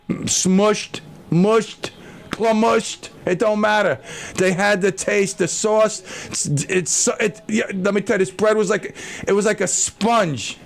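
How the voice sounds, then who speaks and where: Gravelly high-voiced radio host. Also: male voice. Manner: rambling, animated storytelling. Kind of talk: casual radio talk.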